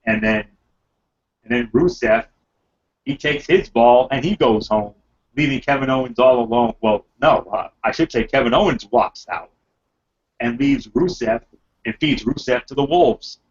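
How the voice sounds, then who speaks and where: A man's voice: mid-range voice, unhurried, slightly rough. A man with an ordinary mid-range voice chats through a wrestling recap, rambling and filler-heavy but enthusiastic. The audio is a little muffled and lo-fi. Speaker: podcast host reviewing wrestling. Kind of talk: casual wrestling recap chat.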